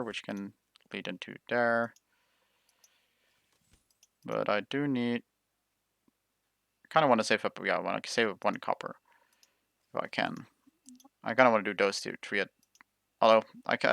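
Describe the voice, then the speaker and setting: A man streaming a tank game, talking in a low, gravelly voice with a bright, sharp edge. His live commentary is rambling and casual, and he often cuts himself off mid-thought. The sound is dry and close. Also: no echo. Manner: rambling, self-interrupting casual talk.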